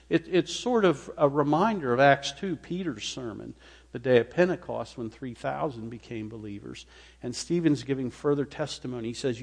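A male pastor preaching a sermon, reading scripture aloud and commenting on it, with rising bursts of emphasis that drop back to a low, quiet tone. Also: moderate pace, creaky. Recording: hall reverb.

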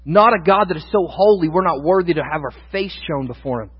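A man's voice: a little high, animated, fairly quick, husky. A male pastor preaching a sermon, candid and thinking aloud at times, then building to emphatic proclamation. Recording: dull sound with long hall reverb.

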